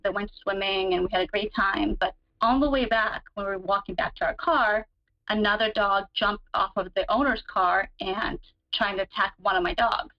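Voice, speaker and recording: Woman guest, casual storyteller, chatty with fillers, pitch jumps on dramatic bits; dull lo-fi audio. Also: fairly even intonation, normal speed. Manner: chatty, many fillers, relives moments with sudden higher pitch. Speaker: guest describing her relationship.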